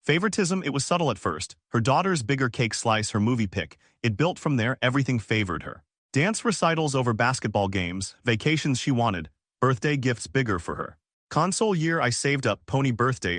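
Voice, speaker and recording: A male narrator reads a first-person story in short, clipped fragments. His pitch swings a lot, and the recording is dry and close. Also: animated, brisk, a bit bright, dry recording. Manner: clipped, fragmentary phrasing, dramatic.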